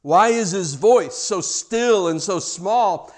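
A man preaching a sermon with a slightly higher-than-usual voice. His delivery is dramatic, swelling to loud, emphatic questions and sinking to soft, hushed phrases. He slips in light jokes along the way. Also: animated, slow pace, few pauses. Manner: humorous asides. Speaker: pastor.

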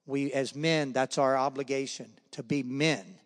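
A man's voice: mid-range voice, fairly even intonation, measured pace. A man telling a testimony story at a men's breakfast, acting out the dialogue with bursts of emphasis. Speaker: guest speaker at a men's breakfast. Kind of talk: testimony speech. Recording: long reverb of a hall.

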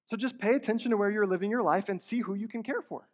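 A high-pitched man preaches fast from a church sanctuary. As pastor he is earnest and conversational, surging into emphatic rising bursts. The recording has a dull quality and a long, hall-like reverb.

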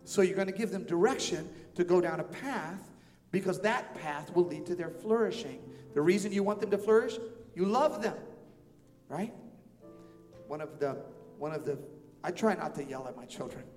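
A man preaching with a notably high voice, pressing his points through repetition and shifting between hushed and forceful delivery. His voice rings through a church hall with a long reverb tail. Soft music plays faintly underneath. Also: animated, normal speed. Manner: emphatic, repeats phrases, swings between soft and loud. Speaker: pastor. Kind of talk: sermon.

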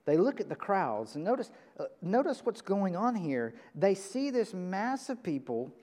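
A man preaching a sermon from a church pulpit, emphatic, jumping from loud high bursts to quiet low lines. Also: big pitch swings, measured pace. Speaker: pastor. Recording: reverberant church hall.

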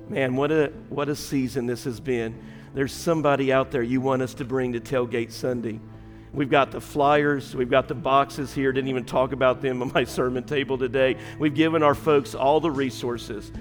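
A man's voice: mid-range voice, steady tone, normal speed, faint music behind. A male pastor telling a story in a sermon and preaching to his congregation. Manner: storytelling, rising to impassioned preaching. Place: church sanctuary. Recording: long reverb in a large hall.

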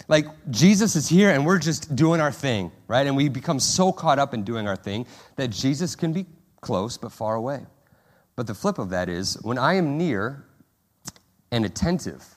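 A man preaching a sermon to his congregation in a conversational way, often asking "right?" and restarting his sentences, and acting out prayers and quotes with more energy. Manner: animated, acts out prayers and quotes in a higher, louder voice. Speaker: pastor.

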